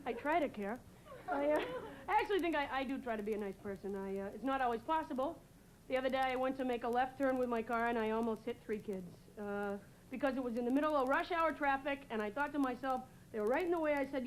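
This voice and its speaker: A young woman from New England doing a deadpan stand-up set, hesitating with many "uh"s. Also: high voice, fast talker, rough recording. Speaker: stand-up comedian. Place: TV studio stage before a live audience. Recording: loud audience laughter and noise.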